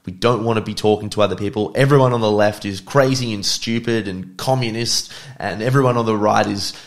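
A man's voice: on the low side, steady tone, a little fast. A man giving reflective commentary on podcast clips, thinking aloud with fillers. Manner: reflective, talks it through with fillers. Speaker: podcast reviewer.

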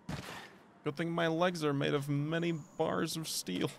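A man streaming a game, talking to viewers in an excitable way, shrieking and swearing at surprises and cooing at cute creatures. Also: on the high side, measured pace, creaky, noisy background. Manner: coos affectionately at game creatures. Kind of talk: live gameplay commentary. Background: game music.

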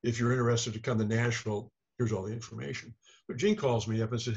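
An older man recounts an anecdote in a rambling, self-deprecating way and acts out the voices of the people he quotes. His voice is husky and of middle pitch. The remote recording sounds dull and lo-fi. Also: fairly even intonation, quick pace, darkish tone. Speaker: author and interview guest. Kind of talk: casual storytelling.

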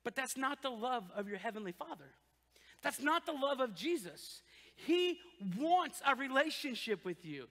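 High, bright-voiced pastor in a hall. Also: male voice, normal speed. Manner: animated, joking, acts out quoted voices. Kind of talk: sermon. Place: church.

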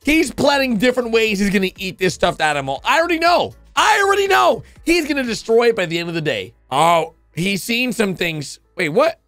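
Excitable man reacting to funny clips. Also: high voice, fairly quick, hardly any pauses, no room sound, soft background music. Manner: excitable, exclamatory, jumps between thoughts. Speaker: video reactor. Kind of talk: casual reaction commentary.

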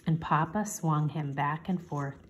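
A woman teacher reading a chapter book aloud to children, gently, lifting her voice for the children's lines. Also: deep voice, a little slow, highs cut off. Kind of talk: storybook read-aloud.

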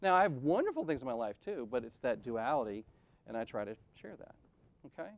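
Middle-aged male conference speaker, heartfelt storyteller, punchy rhetorical questions, shifts from booming to hushed. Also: brisk, vocal fry, highs cut off. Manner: animated, rhetorical questions, swings from loud to soft. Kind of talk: personal storytelling talk.

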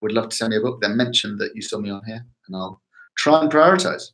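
A man's voice: lowish voice, lively intonation, fast, a bit bright, rough recording. A man, a literary agent guest on a podcast, giving upbeat plain-spoken advice. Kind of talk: casual chat.

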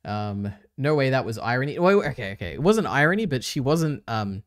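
A man's voice: medium pitch, very animated, a little fast, dry recording, studio quality. A man hosting a casual stream, chatting loosely, trailing off and laughing often. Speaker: streamer host.

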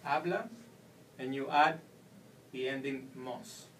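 A man teaches Spanish verb endings at a whiteboard, walking through each step patiently. He sounds set back from the camera mic, with a faint hum of room noise behind him. His pitch sits in an ordinary middle range. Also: moderate pace, recorded from a distance, rough recording. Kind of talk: whiteboard language lesson.

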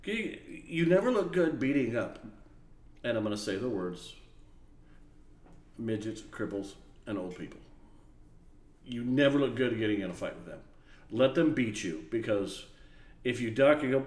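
A man's voice: medium pitch, unhurried, pauses often. A man casually telling a work story to camera, acting out the people in it. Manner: animated storyteller, acts out other people's voices. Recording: echoey room with faint background noise.

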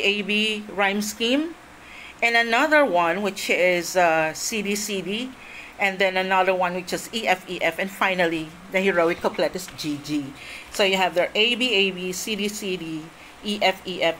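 A woman's voice: fairly low pitch, a bit bright, slight background noise, low-quality recording. A woman from the Philippines giving a classroom lecture on poetry, explaining step by step and repeating her points, with frequent fillers.

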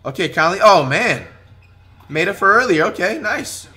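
Excitable young man yelling at highlights. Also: moderate pace, soft background music. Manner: loud, excitable, swears and says "bro" constantly. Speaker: streamer reacting to game highlights. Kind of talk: hype reaction commentary.

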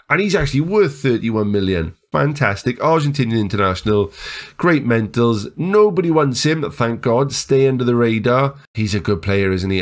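Excitable man commentating his game. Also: fairly low pitch. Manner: excitable, yelling at the screen during big moments. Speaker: gaming YouTuber. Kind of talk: let's play commentary on a football management game.

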